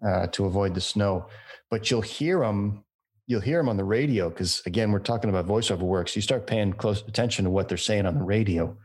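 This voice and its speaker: Low-ish voiced guy, voiceover artist, chatty storyteller vibe. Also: fairly quick. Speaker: voiceover artist, podcast guest. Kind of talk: casual chat.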